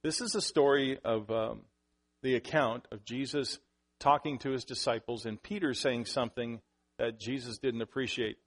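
A man preaching to his congregation in an easy, conversational way, at a middle pitch for a man. He stops and restarts sentences and turns to the congregation with asides. On the points he wants to land, he gets louder and his voice climbs. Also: steady tone, moderate pace. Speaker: pastor. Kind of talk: sermon.

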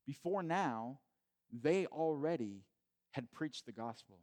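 A male pastor giving a sermon from home, talking in a relaxed, conversational way with restarts and repeated phrases. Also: medium pitch, slow, long pauses. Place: at home during quarantine.

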